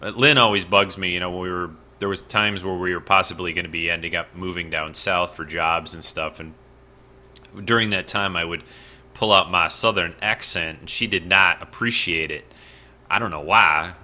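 A man's voice: low voice, steady tone, normal speed, pushed and bright. A man hosting a casual solo podcast from his apartment bedroom, rambling and goofy with lots of fillers. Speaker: podcast host.

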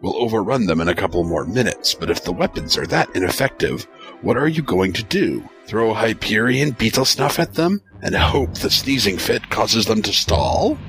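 A quick-witted male alien pilot with a sarcastic, muttering edge, as a man reading the book puts him on. His voice stays low. Quiet music plays beneath the reading. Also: expressive. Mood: dry.

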